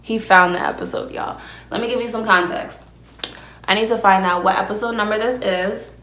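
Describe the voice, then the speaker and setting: A woman's voice: mid-range voice, steady tone, normal speed, a bit bright, slight background noise. A young adult woman hosting a podcast on her own, telling stories in a brash, profane, casual way and eating as she talks, recorded on a phone. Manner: brash, profane storytelling, eats while talking. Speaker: podcast host. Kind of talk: casual solo podcast chat. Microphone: phone camera with ring light. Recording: roomy echo.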